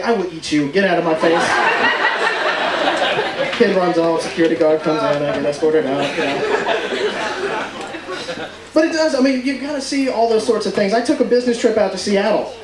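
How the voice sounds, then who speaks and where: Man, stand-up comic, high voice, loud crowd laughing around him, joking delivery. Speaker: stand-up comedian. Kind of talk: stand-up comedy set. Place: comedy club stage with audience. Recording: echoey room, far mic, crowd laughter.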